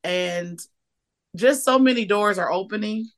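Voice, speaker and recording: A woman in her forties, a comedian guest on a podcast, talking in a lively, emotional way, laughing often and bursting into excitement. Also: mid-range voice, unhurried. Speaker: guest, comedian and keynote speaker. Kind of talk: casual podcast interview.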